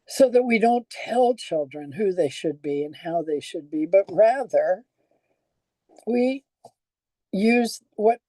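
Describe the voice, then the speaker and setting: An older woman pastor preaches conversationally in a fairly low, dark voice, telling stories and posing questions to the congregation. The recording has no echo and is low in quality.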